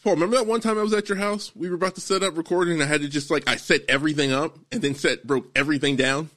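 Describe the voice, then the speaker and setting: A man in his thirties, co-host and producer of a podcast, telling animated, profane stories in casual chat among friends. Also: fairly high pitch, rapid-fire.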